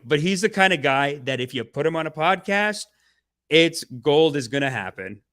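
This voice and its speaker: Man, podcast host, livestream chat, fairly high voice, sharp bright tone, slangy, hyped, mock-preachy. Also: unhurried. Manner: energetic, slangy hype talk with big swings in loudness; playful mock-spiritual preaching.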